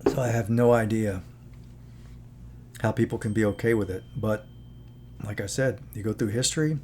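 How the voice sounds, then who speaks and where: A man's voice: fairly low pitch, normal speed, darkish tone, a little hiss or hum. A man talking in a casual, earnest commentary, moralizing and rambling with many asides as he hosts his own channel. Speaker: channel host.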